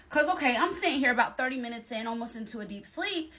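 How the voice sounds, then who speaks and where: A young woman telling a story in a casual, animated, slangy way, speaking straight to her viewers. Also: fairly high pitch, fast, few pauses.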